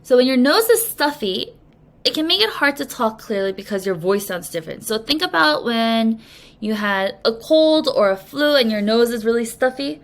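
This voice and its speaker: A woman English teacher giving a recorded reading lesson, explaining slowly and patiently to young students. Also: fairly high pitch, very animated. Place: language academy.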